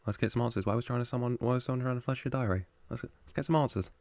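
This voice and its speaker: A man's voice: medium pitch, very fast, darkish tone, slight background noise. A man hosting a casual film reaction, chatty, joking with the screen and laughing often. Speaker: reaction video host.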